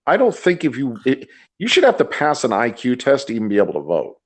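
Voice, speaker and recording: A man's voice: mid-range voice, wildly swooping pitch, quick pace. A man co-hosting a casual podcast, giving strong opinions and often repeating words as he gets going. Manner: repeats words when starting sentences. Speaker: podcast co-host. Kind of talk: casual chat, opinionated rant.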